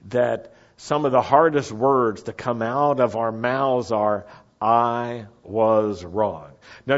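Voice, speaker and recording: A man preaching a sermon, slow and deliberate, repeating key phrases for the congregation to say back. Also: medium pitch, dull audio. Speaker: pastor.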